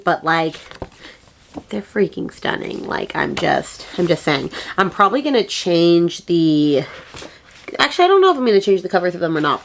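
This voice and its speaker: A woman's voice: medium pitch, slight background noise. Gushing woman chatting in a book vlog. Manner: gushing and enthusiastic, rambling with fillers. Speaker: book vlogger. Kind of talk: casual book haul vlog.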